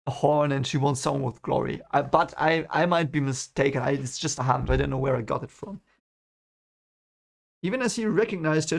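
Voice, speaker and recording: Young man, gravelly voice, a bit high, rambling read-along commentary, restarts sentences. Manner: thinks aloud, rambling with frequent restarts. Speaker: book reaction reader.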